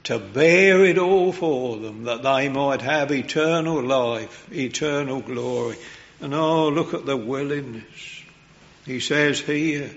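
In a muffled, lo-fi recording, a man of middling pitch preaches a sermon. His pace is slow and unhurried, and he sounds earnest and reverent.

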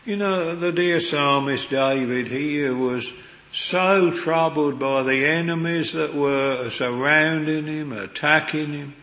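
A man's voice: on the high side, slow pace, a bit bright. A man preaching a sermon in an earnest, old-fashioned manner, quoting scripture, recorded in a chapel. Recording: echoey hall with long reverb.

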